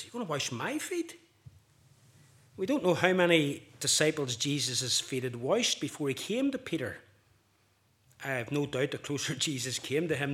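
A man preaching a sermon, impassioned, building louder and higher on key points and acting out quoted speech. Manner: acts out quoted speech vividly.

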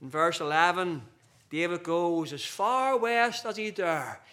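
Male preacher, high-ish bright tone, measured, emphatic delivery. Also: expressive. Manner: slow, emphatic preaching with wide swings in loudness. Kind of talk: sermon.

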